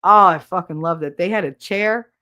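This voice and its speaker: A woman's voice: on the low side, moderate pace, sharp tone. A middle-aged woman, a podcast co-host, telling stories in a casual, candid and profane way, often quoting others. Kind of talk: casual storytelling.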